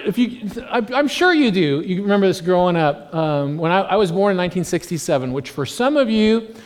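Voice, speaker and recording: A man in his forties, a pastor giving a casual, joking sermon full of fillers and asides. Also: a little high. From United States. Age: 40s. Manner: joking, rambling with many fillers. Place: church hall. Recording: long hall reverb.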